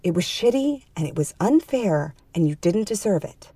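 A woman voicing a giant, blunt double of the heroine who speaks low, firm and urgent. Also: expressive, moderate pace, warm tone, breathy edge, no room sound. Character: towering blunt woman, the other self, tough but caring.

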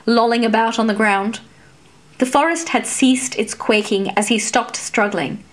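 Measured woman storyteller. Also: medium pitch. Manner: steady, measured reading with acted dialogue. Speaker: story narrator. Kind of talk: scripted fiction narration.

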